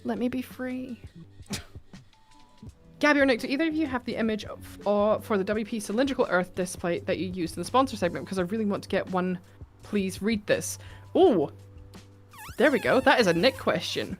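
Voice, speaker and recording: A woman's voice: mid-range voice, lively intonation, normal speed, soft background music. A woman hosting a casual live stream from home, chatty and laughing, reading out viewer messages. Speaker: livestream host.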